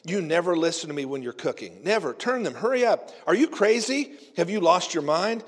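A frantic, bossy husband yelping orders in a shrill, high, loud voice, as a preacher puts him on. The voice rings with a long hall reverb. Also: male voice, lively intonation, fairly quick. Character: panicky nagging husband hovering in kitchen.

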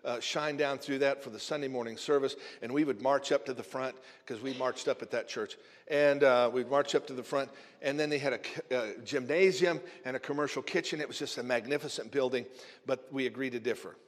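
A man who is a minister telling a humorous story in a sermon, animated and often chuckling as he talks. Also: mid-range voice, a little fast. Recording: long hall reverb.

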